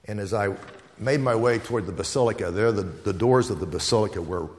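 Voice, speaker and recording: A man's voice: on the low side, fairly quick, in a large hall. A man preaching a sermon, telling stories and hammering home repeated phrases. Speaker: pastor.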